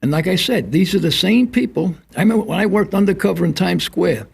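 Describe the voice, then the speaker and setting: Reflecting aloud on a community TV panel in a studio, a retired police instructor draws lessons from his anecdotes. The older man's voice is high-pitched and expressive, a little fast, with vocal fry and a breathy edge.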